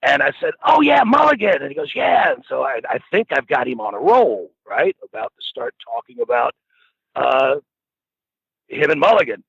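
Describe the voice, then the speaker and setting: Middle-aged guy rambling through a profane story, husky and bright, dull dry lo-fi sound. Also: mid-range voice, sing-song, moderate pace, no room sound. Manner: profane, rambling, laughs while telling. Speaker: storyteller guest. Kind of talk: casual anecdote telling.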